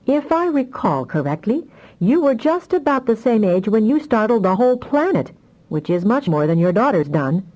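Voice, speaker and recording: A woman reading an audiobook voices a calm, affectionate husband who talks in a gentle, teasing way. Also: fairly high pitch, moderate pace, pitched above the performer's own voice, poor audio. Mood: gently teasing.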